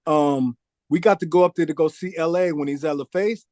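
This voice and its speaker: A man's voice: a little high, brisk, dry recording, clean studio sound. A man telling a long story in a casual interview, acting out the voices of the people in it and saying "man" often. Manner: animated storyteller, acts out quoted voices, says "man" a lot. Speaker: record producer guest.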